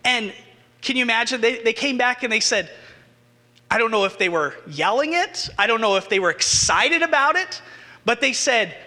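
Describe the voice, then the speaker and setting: A male pastor preaching a sermon, retelling scripture with animated, rising emphasis. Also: very high voice, normal speed, big-room sound.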